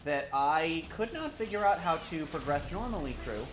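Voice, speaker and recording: A man's voice: on the high side, expressive, moderate pace, roomy sound. A man giving rambling, joking commentary while live streaming a game, with mild swearing. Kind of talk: casual live gameplay commentary. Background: game music.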